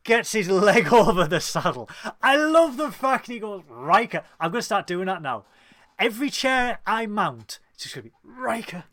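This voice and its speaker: A man's voice: high-pitched, sing-song, moderate pace, fairly bright tone, dry recording, clean studio sound. A man with a Northern English accent co-hosting a casual episode review, enthusiastic and jokey. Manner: enthusiastic, jokey, sings snatches badly. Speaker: podcast co-host reviewing episodes.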